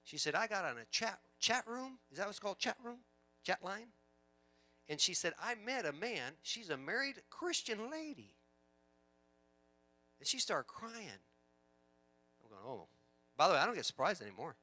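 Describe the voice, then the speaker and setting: A male pastor preaching a sermon, swinging from loud emphatic lines to quiet storytelling, with chatty asides and repeated words. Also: high voice, big pitch swings, normal speed, pauses often.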